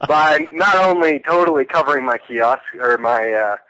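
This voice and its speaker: A Canadian man calling in as a guest, talking haltingly with many restarts and laughs. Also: on the high side, animated, sharp tone. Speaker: guest on phone. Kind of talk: casual chat. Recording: telephone line.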